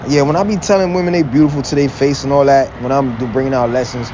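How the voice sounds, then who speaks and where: A man's voice: medium pitch, steady tone, quick pace, hardly any pauses. A man in a blunt, profane, preachy rant, quoting scripture and laughing between points. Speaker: religious vlogger. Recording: dull lo-fi recording with faint vehicle noise.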